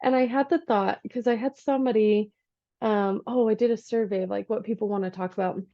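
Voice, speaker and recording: Chatty woman with a low-fi sound. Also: brisk. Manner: chatty, animated retelling with voiced asides. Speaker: energy healer. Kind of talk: casual vlog monologue. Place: home office. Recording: dull lo-fi recording.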